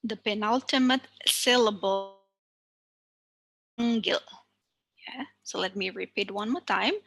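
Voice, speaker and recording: A woman's voice: mid-range voice, normal speed, gravelly, fairly bright tone, dry recording. A woman with an Indonesian accent teaching a language lesson online, talking carefully with many fillers.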